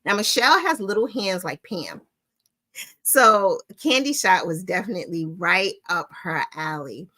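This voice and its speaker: A woman's voice: on the low side, measured pace. A middle-aged woman hosting a weekly live stream, telling stories in a casual chat and talking straight to her viewers. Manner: animated storytelling, warm address to viewers ("y'all"). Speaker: host of a weekly crochet livestream.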